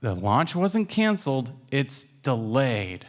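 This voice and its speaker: A man reading a calm, gentle mother cat. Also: mid-range voice, takes it slowly. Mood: reassuring. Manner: soothing and reassuring.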